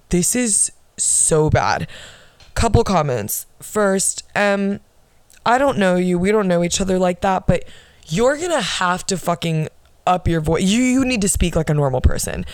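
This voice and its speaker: A woman's voice: mid-range voice, clear, resonant tone, dry recording. A young woman hosting her own solo podcast, ranting bluntly and sarcastically with lots of swearing. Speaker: podcast host.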